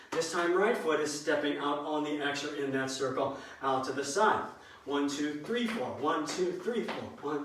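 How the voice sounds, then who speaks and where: A man's voice: on the high side, a bit bright, distant mic. Man, fitness instructor, counting reps, joking asides, echoey room, faint background noise. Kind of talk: live workout coaching.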